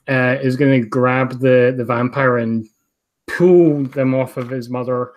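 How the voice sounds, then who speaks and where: A man's voice: medium pitch, steady tone, a little slow. A man playing a tabletop role-playing game who speaks hesitantly, full of "uh" and "you know". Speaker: player.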